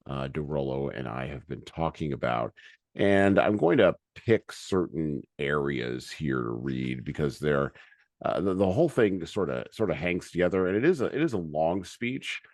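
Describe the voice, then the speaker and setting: A bass-voiced man co-hosts a podcast, with no echo on the recording. Between hesitant asides packed with fillers, he reads long speech excerpts aloud, sounding more forceful when quoting than when commenting.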